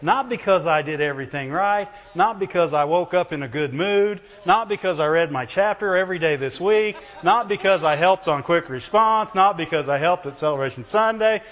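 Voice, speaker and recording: A man preaching a sermon to his church, talking conversationally, calling for amens, and swinging between loud emphasis and quiet low asides. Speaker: pastor. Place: church hall. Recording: muffled lo-fi recording in a reverberant hall.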